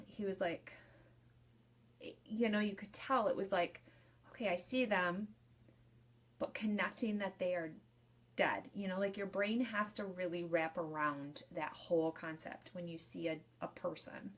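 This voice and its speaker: A woman's voice: on the low side, steady tone, unhurried. A young woman, a funeral director and embalmer, giving casual, chatty advice in a live video talk and restating her points in loose lists.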